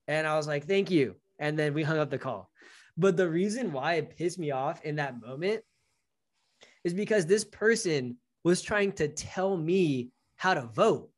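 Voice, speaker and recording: A young man co-hosting a casual chat, telling stories in an animated way and acting out the lines of people he quotes. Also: a little high. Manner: animated storytelling, acts out quoted dialogue. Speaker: podcast co-host.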